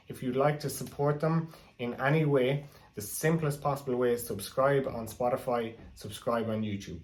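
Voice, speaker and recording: A man's voice: medium pitch, darkish tone. An Irish man hosting a podcast, introducing an episode and chatting casually with a guest. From Ireland. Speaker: podcast host.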